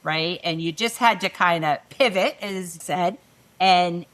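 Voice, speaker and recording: A middle-aged woman with a bright, forceful tone and a voice that sits on the lower side. She tells stories in a lively way and slips into the voices of the people she quotes. It sounds like a relaxed panel conversation. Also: a little slow. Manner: animated storyteller who acts out quoted dialogue. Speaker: guest.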